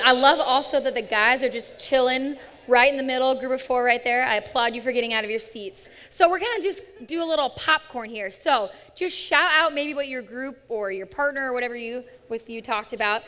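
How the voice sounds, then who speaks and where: A woman's voice: high-pitched, sharp tone, long reverb tail. A woman giving an interactive sermon to a live audience, upbeat and playful as she coaxes them to take part. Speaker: young adult ministry speaker.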